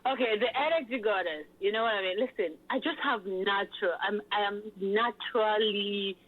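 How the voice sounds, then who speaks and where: A woman event host telling stories in an animated, hyped way, full of fillers, in a casual interview. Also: mid-range voice, moderate pace. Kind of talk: lively interview chat. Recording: tinny phone-like line.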